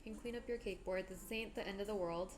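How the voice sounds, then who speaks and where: A woman's voice: medium pitch, fairly even intonation, fast, faint music behind. A woman live-streaming her cooking in a home kitchen. She talks herself nervously through each step and reads viewer chat aloud.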